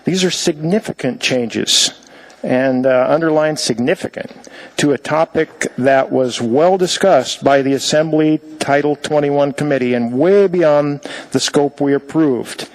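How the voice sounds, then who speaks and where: A man testifying at a city assembly meeting, halting with many fillers as he reads from a letter. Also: on the high side, rough recording. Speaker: public testifier. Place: council chamber.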